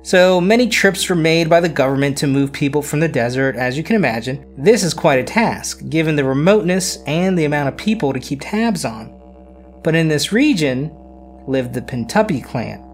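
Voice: mid-range voice, lively intonation, normal speed, soft background music. Chatty history podcaster with jokey asides. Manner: conversational, repeats words, self-deprecating asides. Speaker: podcast host. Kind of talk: casual history podcast narration.

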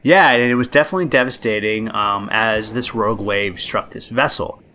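A man's voice: on the low side, a little fast, pushed and bright, slight background noise. A man hosting a podcast, telling a true story casually and rambling with many ums and uhs. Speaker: podcast host.

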